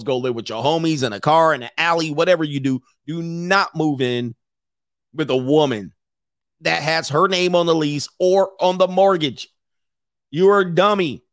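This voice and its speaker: A man runs a casual livestream, talking brashly and mockingly and laughing between his points. His pitch rises and falls in wide swings. The sound is dry, with no room echo. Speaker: podcast host.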